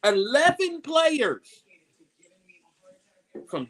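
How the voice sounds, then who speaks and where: A middle-aged man, ranting about football on a casual talk show, swinging between low grumbles and loud, high outbursts. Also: wildly swooping pitch, slow pace, long pauses, low-quality recording. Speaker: show co-host. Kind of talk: casual sports rant.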